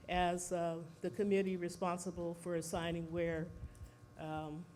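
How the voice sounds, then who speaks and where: A speaker giving an informal talk at a seminar, out of breath, pausing often on fillers and putting questions to the audience. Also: medium pitch, level tone, darkish tone, slight background noise. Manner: halting, many fillers, asks the audience questions.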